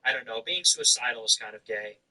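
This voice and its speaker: A man's voice: medium pitch, fairly quick, sharp tone, far from the mic, poor audio. Blunt, sardonic male stream host. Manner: blunt, sardonic, laughing asides. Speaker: livestream host. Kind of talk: casual livestream commentary.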